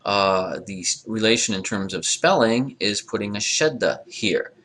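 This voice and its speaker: A man's voice: fairly low pitch, unhurried, fairly bright tone. A man teaching a language lecture, drilling pronunciation aloud and dropping wry jokes. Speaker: Arabic teacher. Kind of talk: recorded classroom lecture.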